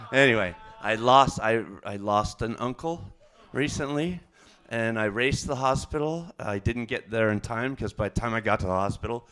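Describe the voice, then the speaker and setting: A man doing a stand-up comedy set, rambling and halting, with fillers and self-corrections. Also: medium pitch, a bit bright, clean tone.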